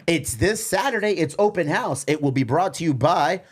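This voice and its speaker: A man's voice: moderate pace, husky. A man hosting a podcast in a small studio, joking around in casual chat. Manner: animated, joking, swinging pitch. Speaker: podcast host.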